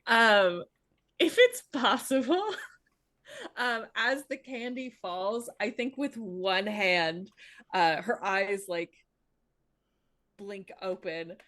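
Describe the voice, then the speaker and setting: A woman's voice: medium pitch, expressive, drawn-out words, long pauses, a bit bright. A woman playing in a tabletop game, describing her character's actions while giggling.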